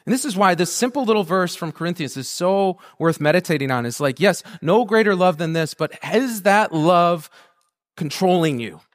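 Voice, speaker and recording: Man, high voice, sermon, chatty and humorous, fervent crescendos. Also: expressive, normal speed. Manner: conversational and humorous, building to a rousing fervent prayer. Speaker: preacher.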